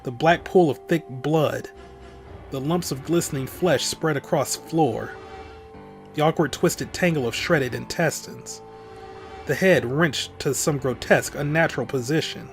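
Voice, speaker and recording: A man's voice: a little high, a little slow, faint music behind. Man reading game text aloud dramatically. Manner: dramatic read-aloud broken by offhand comments. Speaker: let's play host. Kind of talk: reading a visual novel aloud with casual asides.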